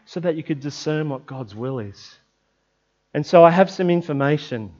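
A man giving a conversational sermon. He is reflective and often drops into a soft, prayerful tone. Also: a little high, dull audio. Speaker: preacher.

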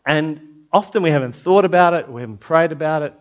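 A man giving a conversational sermon. He is reflective and often drops into a soft, prayerful tone. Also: a little high, brisk, highs cut off. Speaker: preacher.

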